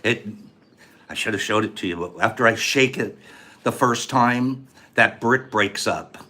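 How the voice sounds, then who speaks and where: Speaking a little slowly in a lowish voice with a sharp tone, this livestream host walks through a how-to step by step. He keeps it casual and chatty, reading out the answers his viewers send in.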